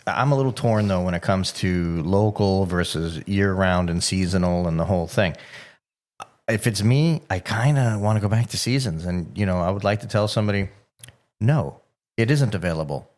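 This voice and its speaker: A man's voice: low voice, moderate pace, darkish tone. A man co-hosting a podcast in casual chat, thinking aloud and building his point with restarts.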